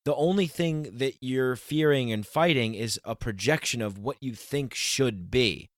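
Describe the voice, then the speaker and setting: A man's voice: mid-range voice, dry recording, studio quality. Earnest man hosting a podcast. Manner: earnest, emphatic, slows down to stress points. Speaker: podcast host. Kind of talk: casual conversational podcast.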